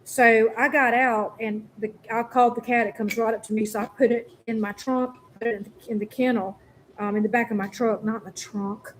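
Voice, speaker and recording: Casual woman, pitched a bit high, chatty and repetitive, phone-recorded. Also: fairly even intonation, fairly quick, slight background noise, rough recording. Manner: rambling, chatty, repeats herself. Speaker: cat rescuer vlogger. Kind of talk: casual vlog update. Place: hot day, in or near her truck.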